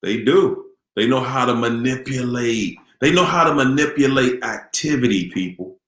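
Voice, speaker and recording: A man's voice: mid-range voice, moderate pace, a bit bright, reverberant. A man hosting a live question-and-answer stream, talking casually and animatedly to viewers, repeating himself and asking the audience questions in a preachy way.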